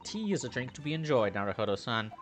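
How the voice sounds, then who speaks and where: A man voicing a polite young woman assistant who speaks softly and primly. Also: mid-range voice, very animated, fast talker, soft background music, close to an everyday voice. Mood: gentle.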